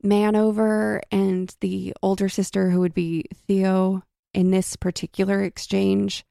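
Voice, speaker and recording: A woman's voice: mid-range voice, little pitch movement, a little slow, vocal fry, warm tone, no room sound, clean studio sound. A woman in casual conversation about a novel, reading passages aloud and then talking them over loosely. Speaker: book discussion co-host. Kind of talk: casual book chat with read-aloud passages.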